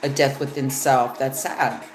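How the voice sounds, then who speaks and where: A woman's voice: extremely low pitch, steady tone, a little slow. A woman giving a casual live-stream tarot reading, rambling and swearing freely as she talks to her viewers. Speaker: tarot reader. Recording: echoey room with faint music.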